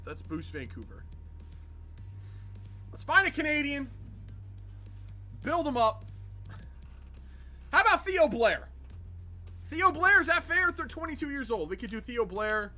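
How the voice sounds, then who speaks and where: A man's voice: extremely high pitch, lively intonation, a little slow, long pauses, pushed and bright, soft background music. A man hosting a gaming livestream, chatting casually with viewers in a jokey, sarcastic, rambling way. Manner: jokey and sarcastic, answers chat, rambling with restarts. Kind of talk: casual livestream chat while playing.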